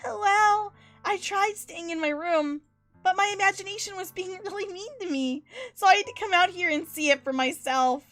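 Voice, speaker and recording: A woman's voice: very high-pitched, moderate pace, a bit bright, faint music behind. A woman reading as a sweet girl hiding sadness. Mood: bubbly. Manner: read aloud casually from game text. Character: cheerful teen girl hiding deep sadness.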